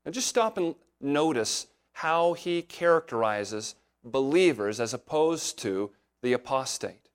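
A man's voice: mid-range voice, lively intonation, measured pace, smooth. A man preaching an expository sermon as pastor, earnest and explanatory, often asking his listeners rhetorical questions.

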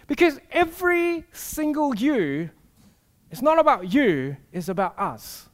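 A man preaching a sermon with animated storytelling, acting out voices. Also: very high voice.

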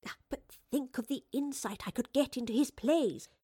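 A woman voicing an eccentric, brisk female professor in an audiobook. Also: high-pitched, dark tone, breathy edge, no echo, studio quality, voice pushed up.

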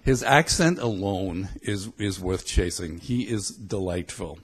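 A middle-aged preacher from Belfast, Northern Ireland, gives a conversational sermon in a deep, slightly rough, expressive voice at a somewhat slow pace. He comes across as reflective, thinking aloud as he goes.

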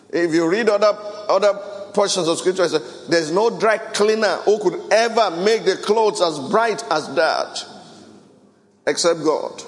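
A high-voiced preacher delivers his sermon, weaving scripture readings into lively commentary and short sung lines. His voice rings through a reverberant church hall. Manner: preaching with Bible reading, asides and bursts of song. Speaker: pastor. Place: church worship service.

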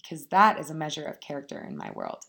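A young woman talks straight to her viewers in a loose, chatty vlog. Her voice sits a little low, and she swears freely and laughs often while she turns a setback into upbeat advice. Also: wildly swooping pitch, fast talker, creaky, fairly bright tone. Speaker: vlogger. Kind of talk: casual motivational talk to camera.

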